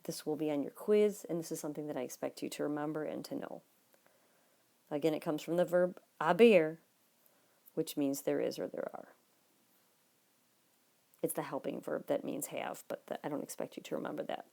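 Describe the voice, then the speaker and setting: A woman teaching a Spanish lesson, her voice low and mellow with a gravelly edge. She explains patiently and talks straight to her students. Now and then she drops to a soft murmur while writing on the page. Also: normal speed, long pauses. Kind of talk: recorded classroom lesson notes.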